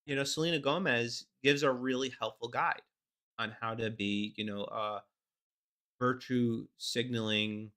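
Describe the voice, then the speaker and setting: A man's voice: mid-range voice, steady tone, a little slow, sharp tone. A man hosting a political commentary show, ranting sarcastically. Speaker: host.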